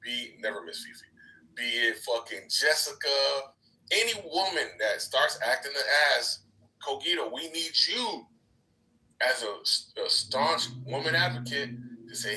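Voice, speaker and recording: A man in a heated live debate in an online voice chat room, scolding and repeating himself, going from low muttering to loud outbursts. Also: lively intonation, normal speed, far from the mic, low-quality recording.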